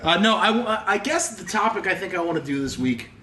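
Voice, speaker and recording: A man's voice: high voice, expressive, a little fast, sharp tone, slight background noise. A young man co-hosting a casual podcast, hesitant and laughing as he sets up the topic. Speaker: podcast co-host. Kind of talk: casual chat. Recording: echoey room, far mic.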